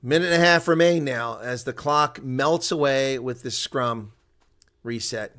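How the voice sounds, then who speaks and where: A man giving solo live play-by-play and color commentary on a rugby match, chatty and excitable, jumping from loud outbursts to muttered asides. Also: mid-range voice, measured pace.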